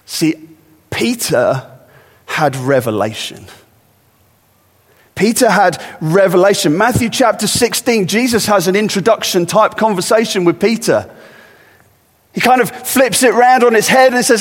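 A man with a high voice delivers a sermon in a church, his words trailing into a long hall reverb. He talks conversationally, then presses his points home by repeating them with rising force. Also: animated, unhurried, pauses often. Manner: conversational preaching with rising emphatic repetitions. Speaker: preacher.

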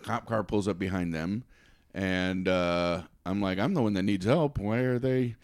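A man with a low voice casually tells a funny story, stumbling over words and laughing along the way. He is halting and repeats words as he goes. The clean studio recording has no echo.

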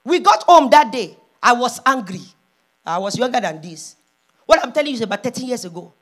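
A pastor's wife preaching a sermon, moving from hushed storytelling to loud, impassioned calls. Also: female voice, on the high side, sing-song, brisk.

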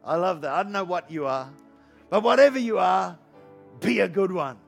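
Pastor, man, 50s, high and gravelly, energetic, joking, repeats rhetorical questions. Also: moderate pace, faint music behind. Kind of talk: sermon. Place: church hall.

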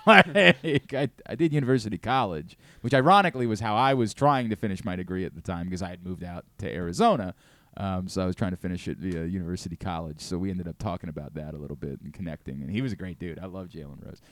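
A middle-aged man hosting a sports talk show, ranting and gushing in a casual, profane, excitable way. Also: medium pitch, no room sound, studio quality. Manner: animated, profane, rapid swings between excitement and rant. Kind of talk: casual sports radio chat.

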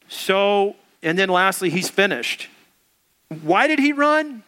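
A man's voice: high voice, sing-song, moderate pace, bright, forceful tone. A male preacher giving a conversational sermon who acts out quotes as he goes.

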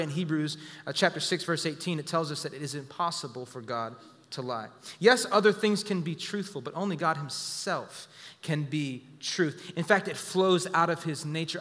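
A man's voice: a little high, pushed and bright, long reverb tail. A man preaching a sermon as pastor, emphatic and repeating key phrases to the congregation.

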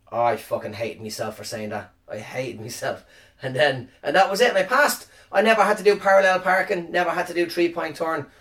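Recorded on a phone camera with a distant mic, an Irishman who hosts a podcast rambles through a casual, self-deprecating and profane story. His voice sits in the mid range and sounds a bit bright.

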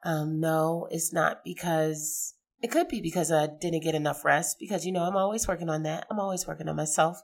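Hoarse woman chatting on a podcast. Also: sits low, fairly quick, hardly any pauses. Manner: chatty and rambling, laughs easily. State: hoarse from a sinus infection. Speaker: podcast host. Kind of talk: casual podcast monologue.

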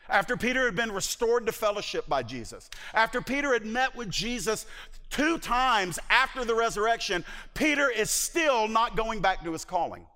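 A man's voice: high voice, bright, forceful tone, big-room sound. A male pastor preaching a sermon, retelling a Bible story dramatically and acting out its voices.

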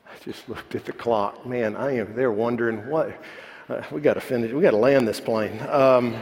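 A man preaching a sermon, moving between animated preaching and soft, quiet storytelling. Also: medium pitch, normal speed. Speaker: pastor. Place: church sanctuary. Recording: long hall reverb.

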